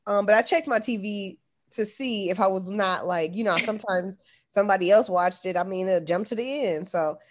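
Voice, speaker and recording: A woman's voice: mid-range voice, moderate pace, slight background noise. A woman co-hosting a podcast in casual chat, complaining with a laugh. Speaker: podcast co-host.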